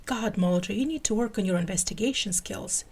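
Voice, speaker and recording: A woman's voice: medium pitch, a little fast, a little mellow, slightly rough. A woman voicing an impatient, theatrical male rogue agent in a fan-fiction reading, exasperated and conspiratorial.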